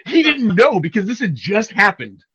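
A man co-hosting a podcast, telling a story in a casual, animated way and acting out the people he quotes. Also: high-pitched, normal speed, crowd noise. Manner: animated, acts out quoted voices. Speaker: podcast co-host. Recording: dry, dull lo-fi sound.

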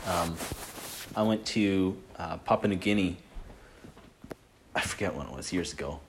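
A man with a fairly low voice gives a relaxed, earnest talk about faith. He rambles as he shares a testimony, leaning on filler "like"s and restarting his sentences, in the easy tone of a group leader chatting with friends. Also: measured pace, slight background noise. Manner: earnest and conversational. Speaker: Christian team leader sharing a testimony.

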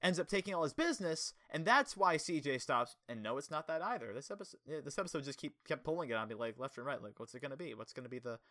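A young man chatting casually about a kids' show episode, animated and laughing often. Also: fairly high pitch, quick pace, hardly any pauses, dry recording, studio quality. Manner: animated, laughs often, acts out quoted lines. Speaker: podcast co-host.

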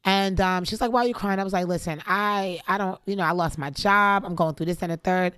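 A woman hosting a podcast, chatting casually and telling stories quickly and animatedly. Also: mid-range voice, clear, resonant tone, dry recording, studio quality. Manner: quick, animated storytelling with laughs. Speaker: podcast host.

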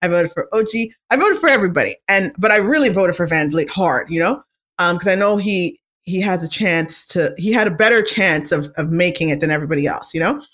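A woman hosting a casual talk show, chatting in an animated, opinionated way with many fillers and asides. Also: lowish voice, a little fast. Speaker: podcast host. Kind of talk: casual chat.

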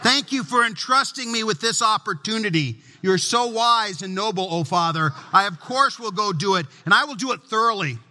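A man's voice: sits high, lively intonation, moderate pace, hardly any pauses, pushed and bright, big-room sound, heavily acted. A man voicing an overly dutiful, fawning young son in a sing-song, grandly formal way.

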